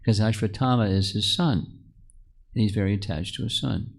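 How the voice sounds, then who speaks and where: A man's voice: on the low side, moderate pace, creaky. A man teaching a scripture class to a live group. He tells the stories as he goes, asks the listeners questions, and often restarts or repeats words. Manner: storytelling, asks the audience questions. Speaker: spiritual teacher.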